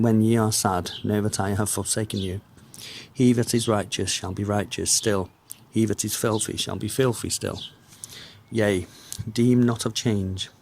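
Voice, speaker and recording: A man giving a measured, declamatory reading of an old religious text. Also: on the low side, a little hiss or hum. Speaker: reader.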